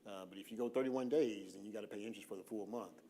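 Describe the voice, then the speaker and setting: A man presenting a financial workshop in an informal seminar style, relaxed and full of fillers, slowing down on purpose to stress key points. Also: fairly low pitch, a little hiss or hum. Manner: relaxed, lots of "uh" fillers, slows down deliberately for emphasis. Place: church hall.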